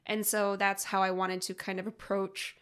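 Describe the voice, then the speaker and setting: A woman's voice: medium pitch, flat delivery, normal speed, a bit bright, clear, resonant tone. A young woman co-hosting a podcast, chatting casually and animatedly, laughing and swearing often. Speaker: podcast co-host. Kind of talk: casual chat.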